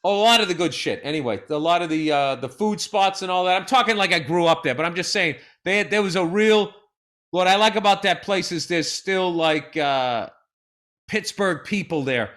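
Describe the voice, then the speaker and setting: A man's voice: high voice, moderate pace. A man co-hosting a comedy podcast in profane, sarcastic casual chat. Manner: sarcastic, profane, loud impressions. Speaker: podcast co-host.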